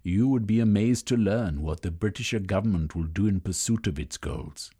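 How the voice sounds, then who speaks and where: A man voicing a cold, scheming male villain who bargains with menace, in a husky voice. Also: on the low side, moderate pace, mellow.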